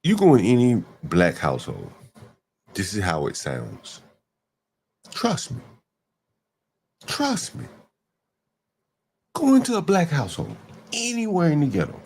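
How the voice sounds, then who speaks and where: A man's voice: mid-range voice, wildly swooping pitch, moderate pace, creaky, darkish tone, slight background noise. A man hosting a livestream, talking emphatically in repeated rhetorical questions. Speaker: livestream host. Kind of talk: ranting livestream commentary.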